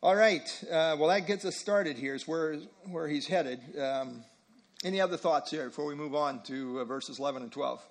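A man's voice: fairly high pitch, moderate pace. A man teaching a Bible study group, emphatic and repeating phrases for stress.

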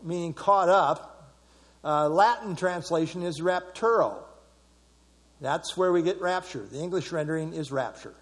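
A man's voice: high voice, in a large hall. A man preaching a sermon in a conversational way, repeating phrases for emphasis. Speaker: pastor.

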